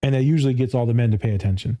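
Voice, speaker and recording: A blunt, profane man speaking on a podcast about his work as a therapist. His voice is very dark and mellow at a middle pitch. He laughs often and jumps up into higher voices to mimic people. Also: racing. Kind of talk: casual podcast conversation.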